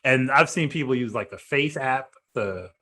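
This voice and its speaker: Sarcastic guy on a game podcast, bright tense voice, blunt. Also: medium pitch, expressive, moderate pace. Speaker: podcast co-host. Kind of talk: casual chat.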